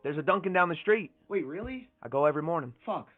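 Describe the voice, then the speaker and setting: A man from New York doing a comedy skit in an exaggerated New York accent, brash and animated. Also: on the high side, fast talker. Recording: phone-like audio, faint music behind.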